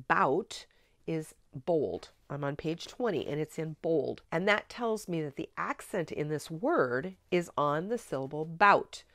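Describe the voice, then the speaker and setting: A woman training teachers in a spelling method, explaining clearly and deliberately in a coaching tone. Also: low voice, no room sound, clean studio sound. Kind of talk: instructional teaching demonstration.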